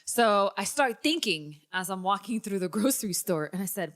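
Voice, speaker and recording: A young woman hosting a casual podcast, telling a long story and swinging up into high, excited tones. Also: normal speed, few pauses. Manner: animated storyteller, jumps to high excited pitch. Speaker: podcast host.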